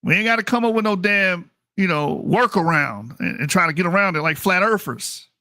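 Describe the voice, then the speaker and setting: A man's voice: sits high, expressive, a little fast, bright, forceful tone, dry recording, studio quality. A man hosting a channel, giving blunt, mocking and profane commentary as he reacts to results on screen. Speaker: channel host.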